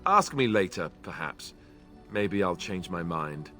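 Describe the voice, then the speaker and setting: Young ex-templar warden in a game, british accent, low-ish voice, dry and a bit self-deprecating, faint music behind. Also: male voice, animated, measured pace, pushed and bright, heavily acted. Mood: wry. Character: young male Grey Warden, former templar, wry. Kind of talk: video game dialogue.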